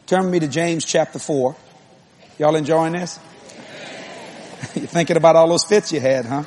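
A man preaching a sermon, moving between conversational asides to the congregation and loud, emphatic repeated lines. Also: on the high side, normal speed, a little hiss or hum.

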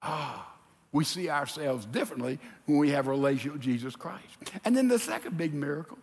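A pastor preaching a sermon in a lively, animated way, acting out the people in his story. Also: on the high side, fast. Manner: animated preaching, acts out quotes. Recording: reverberant hall.

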